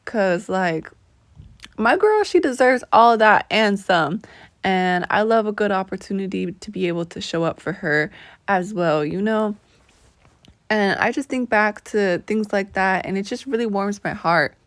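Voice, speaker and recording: A young woman from the southern United States chats to camera in a casual storytelling way. She is animated and laughs easily, jumping up in pitch when she acts out what others said. The sound is dry and close. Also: a little slow, no echo. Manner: animated, laughing, acts out quoted friends with high bright pitch. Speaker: vlogger.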